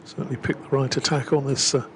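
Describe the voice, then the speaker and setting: A man's voice: mid-range voice, level tone, fast talker, noisy background. A man giving live, rambling cricket commentary with lots of fillers, from a gazebo at the ground. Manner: chatty, rambling with frequent fillers.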